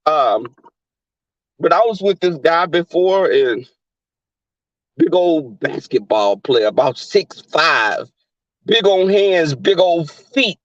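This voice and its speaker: A livestream host with a Southern US accent chats casually with his live viewers in a brash, profane, camp manner. His voice is a little high and expressive, and he talks slowly with long pauses. The recording is dry and lo-fi.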